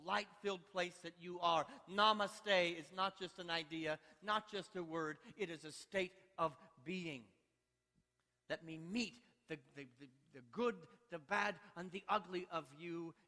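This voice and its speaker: A male pastor preaching a sermon, playful and exhorting, telling lively stories in a church sanctuary. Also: high-pitched, unhurried. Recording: long church hall reverb.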